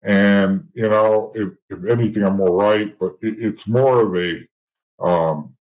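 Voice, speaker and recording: Middle-aged guy telling street stories, low voice, blunt and swears a lot, lots of restarts. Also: a little slow, a little mellow, poor audio. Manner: blunt, profane, rambling with restarts. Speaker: guest. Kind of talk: casual storytelling.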